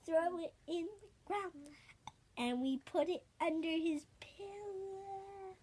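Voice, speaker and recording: A woman's voice: very high-pitched, slow pace, darkish tone. A little girl making up a song and story, rambling and sing-song in a playful way. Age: child. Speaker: child singer.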